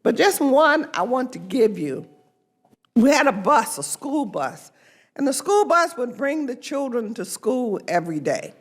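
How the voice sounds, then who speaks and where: An older woman, a congresswoman, giving an emphatic, deliberate press conference speech. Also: fairly high pitch, sing-song.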